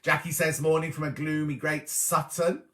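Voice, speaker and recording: A man's voice: a little high, flat delivery, moderate pace, bright, forceful tone. A middle-aged man, hosting a live sewing show and chatting away as he greets viewers by name and reads out their comments. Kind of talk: casual live-stream chat, reading out viewer comments.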